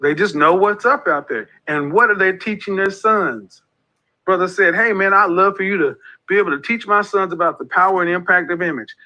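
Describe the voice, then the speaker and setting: A man's voice: high-pitched, a little fast, bright, forceful tone, muffled recording. A man in his forties hosting a casual monologue, talking emphatically and repeating phrases like a preacher. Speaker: host of a men's group talk.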